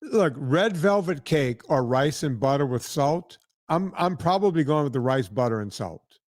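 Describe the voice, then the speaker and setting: A podcast host speaks at a normal speed with lively intonation, his voice a little high and darkish in tone. The studio recording is clean with no echo, and his casual, rambling storytelling is dotted with tag questions like "right?".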